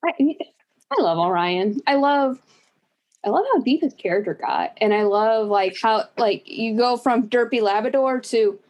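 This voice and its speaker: A woman's voice: fairly high pitch, a little slow, darkish tone. A woman co-hosting a casual podcast, gushing enthusiastically about favorite book characters and acting out bits of dialogue. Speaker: podcast co-host. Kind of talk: casual chat about books.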